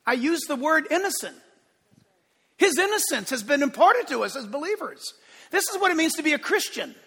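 A male pastor preaching a sermon to his church, emphatic, swinging between loud declarations and hushed asides. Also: very high voice, very animated, fairly quick, creaky, in a large hall. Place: church sanctuary.

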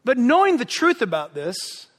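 Pastor, male, impassioned sermon delivery, very high and bright voice, in a reverberant hall. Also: normal speed. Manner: impassioned, yelling with excitement.

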